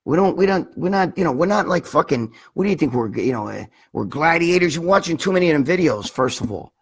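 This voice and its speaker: A middle-aged man with a fairly high, husky voice hosts a casual live stream. He rambles through viewer questions in a blunt, profane way, calling out commenters by name. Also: animated, quick pace. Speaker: livestream host answering viewer questions.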